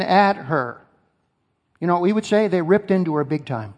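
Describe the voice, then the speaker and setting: A man's voice: high-pitched, animated, moderate pace, a little mellow. Man, pastor, sermon, asks the congregation questions, long hall reverb. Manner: emphatic, repeats key phrases, asks the congregation questions.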